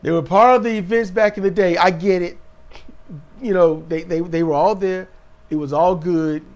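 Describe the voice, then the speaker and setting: A man co-hosting a casual wrestling recap, telling the events in an animated way and acting out what the wrestlers said. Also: high-pitched, moderate pace. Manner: animated storytelling, mimics wrestlers in quotes. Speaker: podcast co-host.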